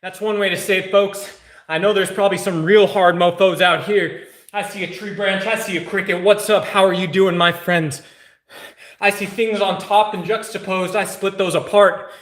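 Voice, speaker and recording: A man's voice: sits high, steady tone, moderate pace, fairly bright tone, echoey room. A man streaming a casual live workout, mixing hyped, joking, profane chatter with soothing exercise cues. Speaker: fitness streamer.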